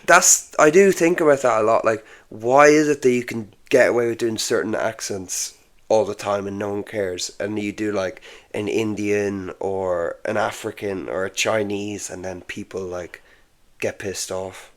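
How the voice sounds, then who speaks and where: A man's voice: lowish voice, fairly even intonation, a little slow. A man, a comedian guest in casual podcast chat, rambling with lots of filler words and laughing often.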